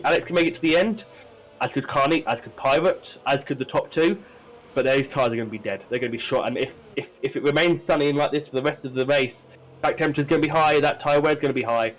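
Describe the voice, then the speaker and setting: A man's voice: medium pitch, fairly bright tone, rough recording. Chatty man commentating a race. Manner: chatty, many fillers and restarts. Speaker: sim racing commentator.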